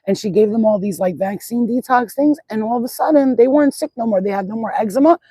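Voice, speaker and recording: A woman's voice: a little high, fast talker, dark tone, husky, no echo, rough recording. A middle-aged woman rambling in a casual livestream chat outdoors at sunset, swearing freely and repeating herself as she goes. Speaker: spiritual channel host.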